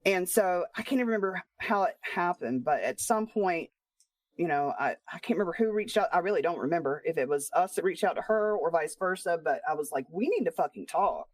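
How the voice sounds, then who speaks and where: Woman streamer, angry profane rant, low voice, dry sound. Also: expressive, fairly quick, dry recording. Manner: bitter, profane, ranting.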